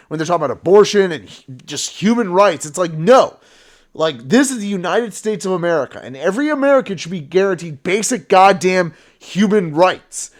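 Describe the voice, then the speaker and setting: High voiced guy ranting on stream, swears constantly, heated and fired up. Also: lively intonation, normal speed. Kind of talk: political reaction stream, ranting.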